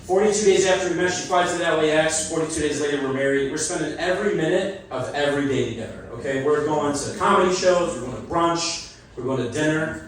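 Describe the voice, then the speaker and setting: A man's voice: a little high, fast. A man doing a stand-up comedy set, chatty and self-deprecating, often laughing at his own jokes. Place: comedy club stage. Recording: roomy echo, voice from a distance. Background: audience laughter and call-backs.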